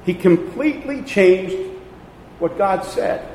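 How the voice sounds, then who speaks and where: A man's voice: sits high, lively intonation, slow, darkish tone, a little hiss or hum. Male pastor preaching in an echoey hall. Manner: storytelling, folksy and emphatic. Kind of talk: sermon. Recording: echoey hall with long reverb.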